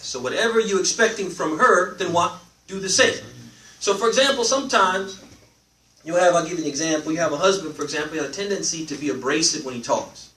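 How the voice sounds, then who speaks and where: A man with a bright, fairly high voice teaches a live religious class in an animated way, throwing questions back at his listeners. His pitch rises and falls a lot. The recording is roomy and picked up from some distance, with faint noise behind. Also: fast talker. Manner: animated, asks the audience questions and lets them answer. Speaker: Islamic teacher.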